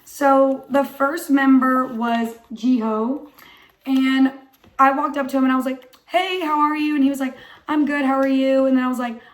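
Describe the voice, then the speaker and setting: A young woman with a hoarse voice tells a story for her vlog in a high voice. She talks in an excited, chatty way and says "like" all the time. Her voice is still rough and not fully recovered. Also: normal speed. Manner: excited, chatty, heavy use of "like". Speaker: vlogger.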